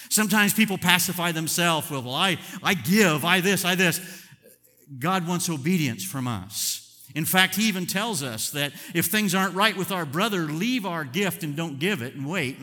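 An older man preaching a sermon as pastor, chatty and chuckling, moving between loud emphatic bursts and quiet asides. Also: medium pitch, big-room sound.

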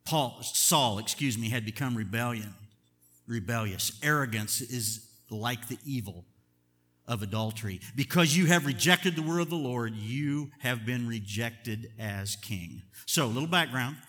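An older man preaching a sermon as pastor, chatty and chuckling, moving between loud emphatic bursts and quiet asides. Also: medium pitch, unhurried, in a large hall.

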